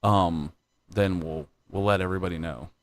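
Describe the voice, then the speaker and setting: Low-voiced man telling rambling stories. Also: steady tone, moderate pace. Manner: rambling, laughing storyteller. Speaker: livestream host. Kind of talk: casual live chat.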